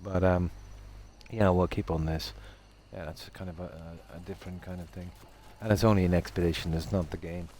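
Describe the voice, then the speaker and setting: Low-voiced Irish Midlands man, rambling. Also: fairly quick, slight background noise. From Ireland. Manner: relaxed, rambling, self-deprecating. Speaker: game streamer. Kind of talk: casual chat with stream viewers.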